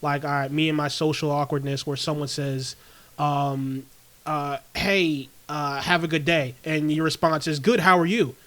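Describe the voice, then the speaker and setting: A man co-hosting a podcast in casual chat, talking in an animated, self-mocking, profane way. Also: a little high, measured pace. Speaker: podcast co-host.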